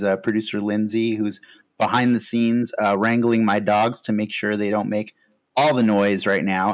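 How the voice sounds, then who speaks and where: A man hosting a fan podcast, chatting casually and earnestly with frequent "uh" fillers. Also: fairly low pitch. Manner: relaxed, many "uh" fillers, earnest. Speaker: podcast host.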